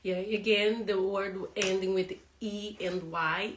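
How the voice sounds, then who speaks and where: Woman, non-native speaker of English, casual teacher, drills words slowly with frequent laughs; roomy sound. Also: medium pitch, fairly even intonation. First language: not English. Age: adult with a young son. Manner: laughs often, repeats words slowly to model pronunciation. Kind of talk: casual pronunciation lesson.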